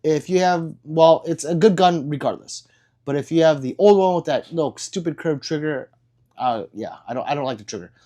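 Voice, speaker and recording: A man hosting a casual livestream and answering viewer comments in a blunt, profane and excitable way, with sudden loud outbursts. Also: a little high, fairly quick. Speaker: livestream host.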